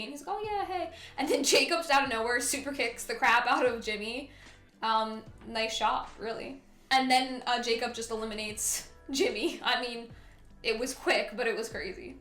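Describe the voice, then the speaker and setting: Woman, excitable casual recap voice, fairly high-pitched, roomy echo with faint music behind. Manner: chatty, excitable, frequent fillers and giggles. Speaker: wrestling commentary vlogger. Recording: echoey room with faint music.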